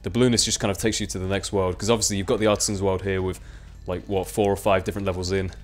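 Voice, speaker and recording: A man's voice: low voice, little pitch movement, rapid-fire. A young man gives casual, rambling, self-mocking commentary while playing a video game. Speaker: let's play commentator.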